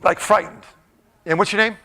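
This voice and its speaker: Bright, high-voiced playful male speaker. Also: fairly even intonation, normal speed. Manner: playful, joking, asks the crowd questions. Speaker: motivational speaker. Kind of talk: live talk to an audience.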